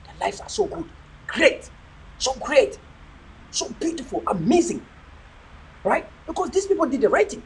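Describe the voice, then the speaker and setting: Emphatic man with a lively, swinging voice. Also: very high-pitched, moderate pace, vocal fry, pauses often, a little hiss or hum, rough recording. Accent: Cameroonian English. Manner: emphatic, repeats words for emphasis. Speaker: motivational speaker answering viewer questions. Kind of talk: casual livestream talk to viewers. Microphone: phone camera he turns himself.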